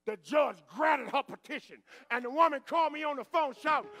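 High, bright-voiced pastor preaching. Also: male voice, animated, moderate pace, hardly any pauses, faint music behind. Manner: call-and-response preaching, rising to shouts. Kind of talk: preaching a sermon.

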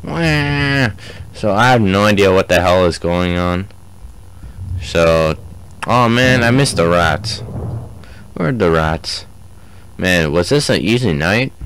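Young guy playing a horror game, low voice, slow and drawly, jokey trash talk at the monsters. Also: animated, fairly bright tone, a little hiss or hum. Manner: joking, taunts the game's enemies. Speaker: gameplay commentator. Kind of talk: let's play commentary.

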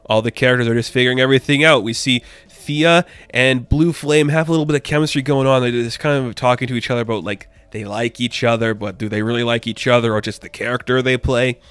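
A man's voice: mid-range voice, steady tone, quick pace, few pauses, fairly bright tone, smooth, no echo. A young man giving a casual comic book review, rambling and enthusiastic with lots of filler words.

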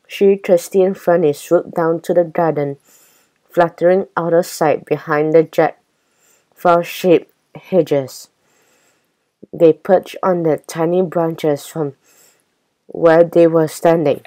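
Slow, low-voiced woman reading a storybook. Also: fairly even intonation, mellow, poor audio. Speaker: storybook reader. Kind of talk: reading a children's chapter book aloud.

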